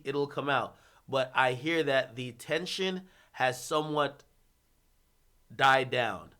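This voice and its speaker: A man hosting a livestream, ranting about hip-hop in a casual, profane, animated way with bursts of laughter. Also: fairly high pitch.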